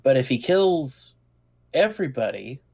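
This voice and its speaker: A man playing a tabletop role-play, talking in a halting, hesitant way. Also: medium pitch, very animated, vocal fry, darkish tone. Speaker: player.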